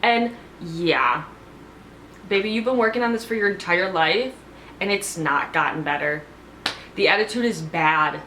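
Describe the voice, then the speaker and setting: A woman chats through a TV recap in a loose, gossipy way, dropping "like" every few words at a mid-range pitch. Her voice bounces around a noticeably echoey room, with a faint hum of ambience underneath. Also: a bit bright. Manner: gossipy, filler-heavy, many "like"s. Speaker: TV show reviewer. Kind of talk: casual chatty recap.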